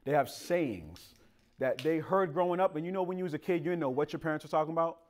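This pastor's voice is fairly high and his pace quick as he preaches a sermon full of funny family stories. Animated and joking, he keeps it casual and colloquial, speaking straight to the congregation.

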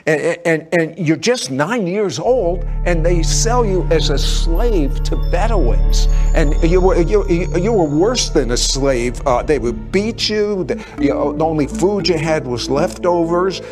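A man's voice: fairly high pitch, a little slow, music in the background. A man hosting a Christian television talk show, retelling guests' stories with exclamations. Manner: animated, exclaiming storyteller with laughs.

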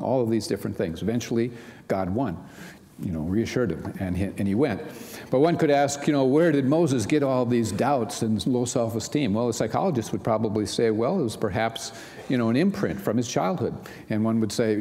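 A man's voice: mid-range voice, expressive, fairly quick, a little mellow. Conversational male pastor in a reverberant hall. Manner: conversational, many "you know" asides. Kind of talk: sermon.

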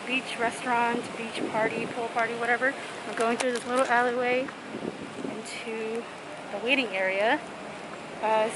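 A young woman with a slightly high voice records a casual travel vlog on her phone outdoors. She talks in a chatty, slangy way and laughs often. Clear outdoor noise hums behind her. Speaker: travel vlogger. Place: outdoors on a tourist strip and by a pier.

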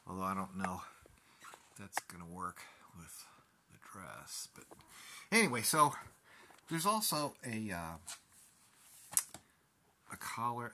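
A man's voice: low voice, sharp tone. A man thinking aloud in a casual vlog, leafing through pattern books at home and trailing off into half-whispers. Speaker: fashion designer vlogger. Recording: noisy home recording with clicks.

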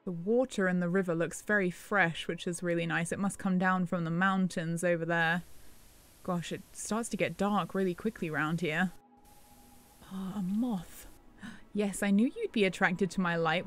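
A woman's voice: fairly low pitch, unhurried. Wonder-struck woman role-playing a spooky woods story. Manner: breathless, wonder-struck, growing panicky. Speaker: Minecraft role-play creator. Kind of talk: in-character horror role-play narration. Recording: faint music underneath.

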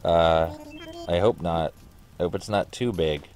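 A man with a very deep voice rambles through a casual let's play commentary. He talks in a sarcastic, offhand way and swears freely, with faint music under him. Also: measured pace, darkish tone. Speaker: gaming streamer.

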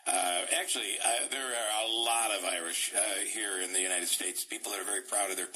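A man hosting a radio interview, eager and halting as he talks. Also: fairly low pitch, fairly even intonation, pushed and bright, low-quality recording. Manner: eager, halting with frequent fillers. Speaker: radio host.

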